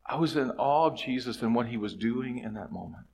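A middle-aged male pastor telling a story in a church sermon, shifting between hushed asides and loud, emphatic lines. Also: mid-range voice, lively intonation, brisk, slight background noise. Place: church sanctuary.

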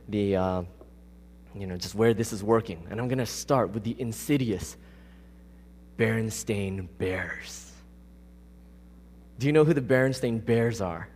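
A man preaches a conversational sermon, casual yet emphatic, frequently putting questions to the congregation. His voice is on the low side and a little mellow. The long reverb of a large hall surrounds it.

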